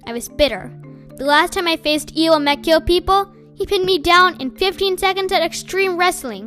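A woman reading a first-person audiobook in a wry, deadpan storytelling manner. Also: very high voice, moderate pace, faint music behind. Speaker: audiobook narrator.

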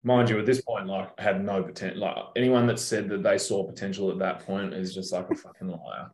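Young Australian guy, deep and monotone, relaxed storyteller with a salty mouth; echoey room. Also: fairly quick. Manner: laid-back, swears freely, tells stories. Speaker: professional basketball player, guest. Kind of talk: casual interview chat. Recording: roomy echo.

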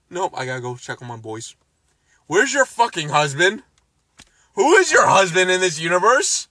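A man's voice: sits high, sing-song, moderate pace, sharp tone, no room sound. A man casually recapping a film, ranting and swearing, exasperated. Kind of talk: casual movie recap chat.

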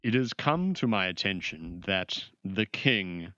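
A man's voice: low-pitched, expressive, takes it slowly, pushed and bright, no room sound, dull audio, heavily acted. A man playing a stiff, pompous royal advisor. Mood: grave. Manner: stiff, pompous, formal diction. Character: haughty formal male royal advisor.

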